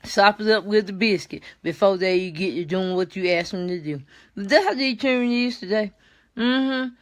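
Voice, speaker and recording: A tired older woman hosting a folksy vlog monologue. She talks in a chatty, drawn-out way and keeps adding mm-hmm and yes sir. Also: a little high, a bit bright. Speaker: vlog host.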